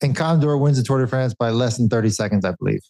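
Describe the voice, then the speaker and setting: A middle-aged man, a former pro cyclist, telling a race story in casual podcast chat, animated and quick, cutting himself off mid-thought. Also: mid-range voice, low-quality recording. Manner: animated anecdote with quick bursts and self-interruptions.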